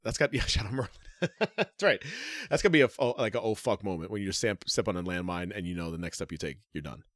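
A man's voice: low voice, animated, fast talker, fairly bright tone, no room sound, clean studio sound. A man co-hosting a casual podcast, joking around and laughing often. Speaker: podcast co-host.

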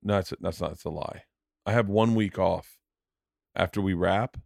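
A man's voice: low-pitched, moderate pace, creaky, darkish tone, no echo, studio quality. A man hosting a podcast in casual chat, rambling through stories and acting out sketches in funny voices. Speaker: podcast host.

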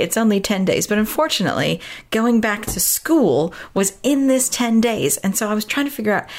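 A woman hosting a parenting podcast, telling a personal story in an earnest, reflective way and laughing now and then. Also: medium pitch. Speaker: podcast host.

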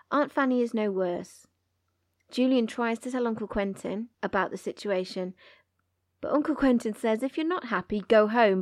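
A woman's voice: mid-range voice, a little mellow, no echo, clean studio sound. A woman co-hosting a book podcast, recapping chapters and reading passages aloud with character voices. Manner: reads dialogue in character voices.

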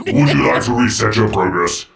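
A man voicing a cold, menacing male robot security guard who barks flat, clipped machine commands. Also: lowish voice, brisk, vocal fry, echoey room. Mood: commanding.

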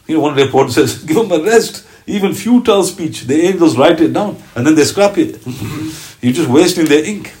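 Male lecturer, fairly high voice, lively storyteller who acts out quotes, sermon delivery. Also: a little fast, low-quality recording. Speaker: Islamic teacher. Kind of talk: religious lecture.

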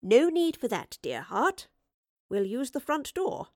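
A woman's voice: high-pitched, big pitch swings, measured pace, a little mellow, no echo, clean studio sound, voice pushed up. A woman voicing a cheerful, confident eccentric professor who talks in a chirpy, breezy way.

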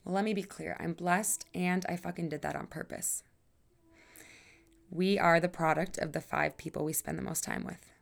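A low-pitched woman's voice with vocal fry carries her personal podcast monologue. The host talks earnestly and with emphasis, drags out phrases, sighs from time to time, and swears casually.

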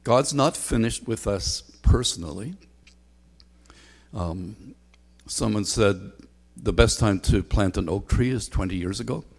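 A man's voice: fairly low pitch, a little slow, creaky. A man preaching a sermon as a pastor, talking conversationally with frequent ums and a repeated refrain. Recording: long hall reverb.

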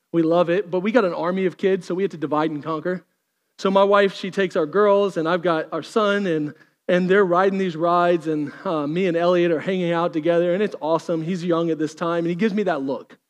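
A man, preaching a sermon, swinging from lively storytelling to quiet intensity. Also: high voice, in a large hall. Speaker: pastor.

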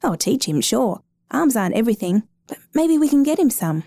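A woman's voice: on the high side, sing-song, a little fast, creaky, dark tone, no room sound, studio quality, pitched above the performer's own voice, exaggerated voice. A woman voicing a plainspoken, earnest husband hoping to adopt a boy, in a storybook reading.

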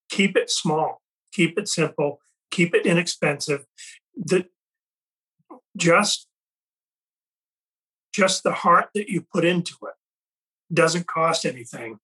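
A man talks in an earnest, reflective way as a podcast host in casual conversation. His voice is slightly high and bright, with a forceful edge. He restarts his sentences often as he thinks aloud. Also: takes it slowly, long pauses, husky, low-quality recording. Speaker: podcast host and company leader.

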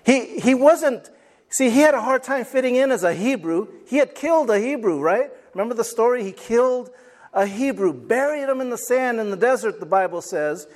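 Male pastor with a high voice, animated, dramatizes quoted voices while preaching. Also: moderate pace. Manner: call and response with congregation. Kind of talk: sermon.

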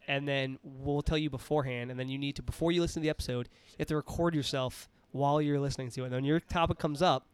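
Fast-talking New man, joking podcast co-host. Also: medium pitch, smooth, dry recording. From New York. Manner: joking, animated, swearing. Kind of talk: casual chat.

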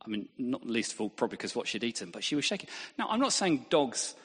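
Husky preacher in a reverberant hall. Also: male voice, mid-range voice, fast talker. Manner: lively, self-deprecating humour. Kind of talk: sermon with anecdotes.

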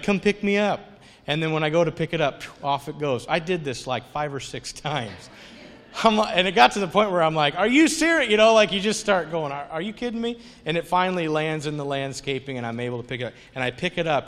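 Storytelling pastor in a reverberant hall. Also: male voice, medium pitch. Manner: animated storytelling, conversational. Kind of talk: sermon.

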